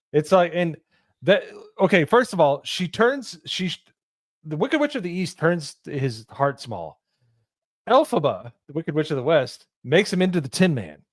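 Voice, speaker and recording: Dude on a movie review show, sarcastic, voice bounces all over, dry close sound. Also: male voice, on the high side, no echo. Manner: incredulous, sarcastic commentary. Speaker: podcast co-host. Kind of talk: casual movie review chat.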